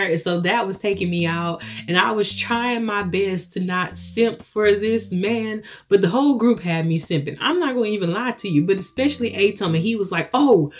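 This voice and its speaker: Giggly woman gushing through a storytime. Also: medium pitch. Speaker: vlogger. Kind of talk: casual storytime chat.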